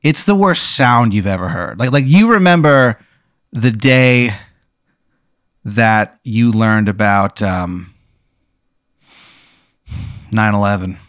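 A young man hosting a comedy podcast, telling an improvised absurd story with deadpan delivery. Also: fairly low pitch, takes it slowly, long pauses, no echo, clean studio sound. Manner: deadpan, building absurd scenarios.

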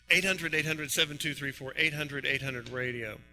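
A man hosting a morning radio show, his voice sitting a little high and swinging widely in pitch. He jokes and talks fast, laughing often. Music is playing clearly behind him. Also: poor audio. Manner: loud, fast and animated, quick laughs. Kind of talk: joking morning radio banter.

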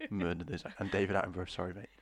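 A man's voice: sits low, fairly even intonation, racing. A man co-hosting a casual podcast chat, jokey and playful as he tries out silly accents. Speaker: podcast co-host.

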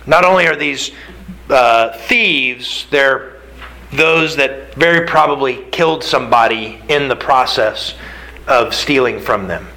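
A man's voice: medium pitch, slow, sharp tone, rough recording. A man preaching a sermon, telling the story emphatically with repeated phrases. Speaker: pastor.

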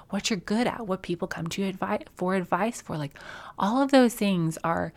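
A woman hosting a faith podcast, talking in a chatty, encouraging way with many fillers and restarts. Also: mid-range voice. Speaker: podcast host. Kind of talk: faith-based podcast talk.

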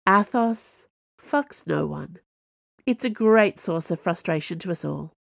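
A woman's voice: fairly low pitch, lively intonation, moderate pace, dry recording. A woman voicing a smug, flirtatious swordswoman, with a teasing manner. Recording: dull lo-fi dry recording.

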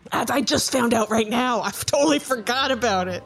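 A woman's voice: fairly high pitch, a little fast, pitched above the performer's own voice, lightly acted. A woman voicing a scatterbrained male djinn father, flustered and rambling, over background music. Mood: apologetic.

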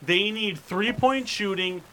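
A man co-hosting a live sports podcast, talking loud and crude in rowdy banter. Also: high voice, slow, poor audio. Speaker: podcast co-host.

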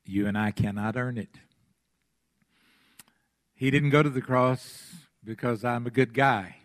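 Slow, emphatic man preaching a sermon. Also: mid-range voice. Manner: emphatic, slow and deliberate with repeated phrases. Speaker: pastor.

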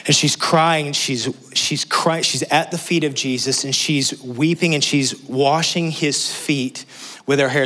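Earnest male pastor preaching. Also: medium pitch. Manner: earnest, drops to a soft hush for prayers and quotes. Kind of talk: sermon.

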